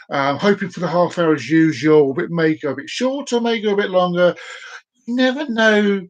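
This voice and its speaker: A man hosting a casual live stream, rambling and stumbling over words as he tells a long joke. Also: sits high.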